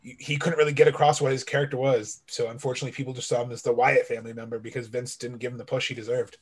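A man's voice: medium pitch, little pitch movement, very fast, slightly rough. A man co-hosting a wrestling podcast, chatting casually and acting out quotes when he tells a story. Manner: chatty, acts out quotes when telling an anecdote. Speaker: podcast co-host.

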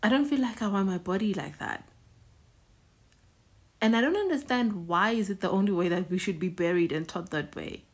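Woman, reaction video host, casual commentary, repeats phrases for emphasis, mid pitch. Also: moderate pace. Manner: conversational, repeats words for emphasis.

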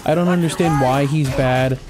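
A young man who hosts a gaming channel gives casual let's-play commentary, swearing a lot, trash-talking enemies and tossing in joking asides. His voice sits a little high and moves at normal speed. The background is noisy with game music and combat sounds.

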